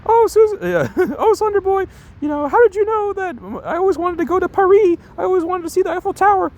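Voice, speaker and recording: A man doing a squeaky swooning girlfriend. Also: expressive, fairly quick, darkish tone. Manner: high squeaky falsetto. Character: swooning young woman, girlfriend fantasy. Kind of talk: comedic livestream bit.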